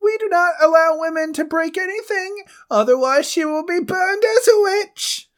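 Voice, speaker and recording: A man voicing a superstitious man from the distant past, high and shrieking in outrage. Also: moderate pace, fairly bright tone. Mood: indignant.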